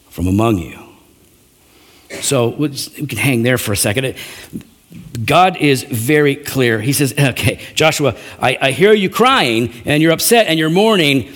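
Man preaching an animated sermon. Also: medium pitch. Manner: animated preaching, acting out quoted voices, frequent restarts. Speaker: pastor.

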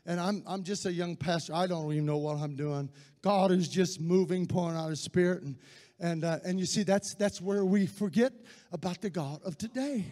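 A man, a pastor giving an impassioned sermon that swells into shouting. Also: high-pitched, in a large hall.

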